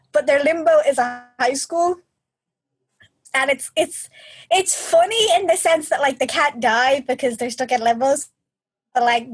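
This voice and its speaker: A woman co-hosting a podcast in casual chat, animated and expressive. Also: high voice, breathy edge, no room sound. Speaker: podcast co-host.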